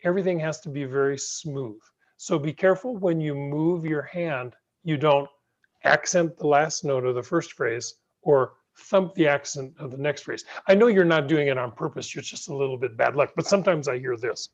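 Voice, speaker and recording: A middle-aged man teaching piano in an online masterclass, gentle, patient and encouraging, heard over a video call. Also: fairly high pitch, moderate pace. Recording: muffled video call audio.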